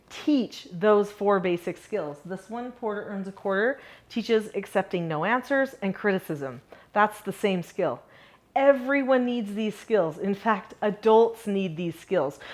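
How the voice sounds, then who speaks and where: Upbeat woman teaching parenting tips. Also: mid-range voice. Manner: upbeat, shifts between animated and calm delivery. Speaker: parenting educator. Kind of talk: direct-to-camera parenting lesson.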